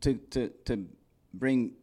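A man's voice: mid-range voice, takes it slowly, dark tone. A man talking as a podcast guest and consultant. He is casual and profane, and he acts out other people's voices when he quotes them. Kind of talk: casual conversation.

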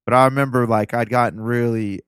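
A man's voice: mid-range voice, steady tone, a little fast, fairly bright tone, clear, resonant tone, no room sound, clean studio sound. A man from Ohio, a podcast guest, telling family stories in a loose, earnest, rambling way. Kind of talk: casual interview storytelling.

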